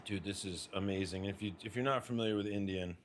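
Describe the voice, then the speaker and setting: While plating food in his home kitchen, a young US cooking vlogger talks casually with his partner and viewers. His lowish voice keeps a steady tone at a quick pace, and a slight hiss or hum is audible.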